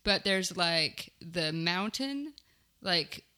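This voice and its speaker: A woman's voice: on the low side, lively intonation, extremely slow, pushed and bright, clear, resonant tone. A young woman, a touring comedian, chatting casually and rambling as a guest, laughing often. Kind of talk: casual chat.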